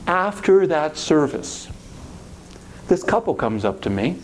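With a fairly high pitch and a slow delivery, a middle-aged pastor brings his personal faith story to life by acting out quoted voices. A faint hiss or hum runs under the recording.

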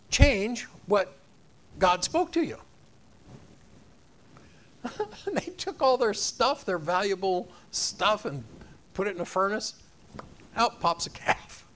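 A pastor delivers an animated sermon, acting out the voices of the people in his story. He speaks slowly in a high voice, leaving long pauses.

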